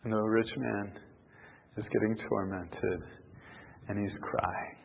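A man preaching a sermon emphatically, swinging from loud outbursts to near whispers. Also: lowish voice, steady tone, slow, vocal fry, slightly rough. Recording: tinny phone-like sound in a reverberant hall.

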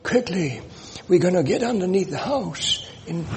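A man's voice: high voice, lively intonation, normal speed. An old preacher playing a weary hiding father. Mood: hushed urgent. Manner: hushed, urgent asides. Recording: long reverb, faint noise.

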